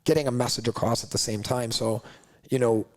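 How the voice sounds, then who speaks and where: A man's voice: medium pitch, a little fast. A man, a coffee company founder, telling a story in casual conversation, acting out other people's lines and saying "like" a lot. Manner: animated, acts out others' lines, heavy use of "like".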